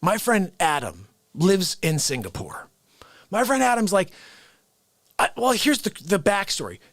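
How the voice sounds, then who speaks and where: A man's voice: high-pitched, measured pace, no echo. Guy on a livestream rambling through a silly story, voice jumping all over, dry sound. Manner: rambling, animated, self-interrupting. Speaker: livestream host. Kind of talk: casual comic storytelling.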